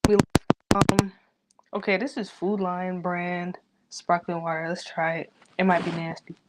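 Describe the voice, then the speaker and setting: A woman's voice: on the low side, level tone, a little slow, noisy background. A woman talking straight to camera in a personal vlog. She is grieving and rambles from thought to thought, loose and profane. Her talk is unfiltered and drifts all over the place. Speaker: vlogger.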